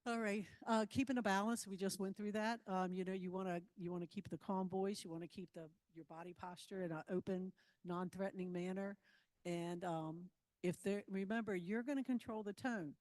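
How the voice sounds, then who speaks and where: A woman's voice: medium pitch, fairly even intonation, moderate pace, a little mellow, in a large hall. A woman giving a live security training talk to volunteers, moving through slides in a loose, conversational way and often checking in with her listeners. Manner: loose, filler-heavy phrasing.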